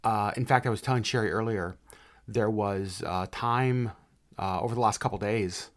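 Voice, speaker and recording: A man co-hosting a casual podcast, telling stories in a rambling, animated way with many restarts. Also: fairly low pitch, moderate pace. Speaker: podcast co-host. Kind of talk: casual chat. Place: home podcast setup in Alaska.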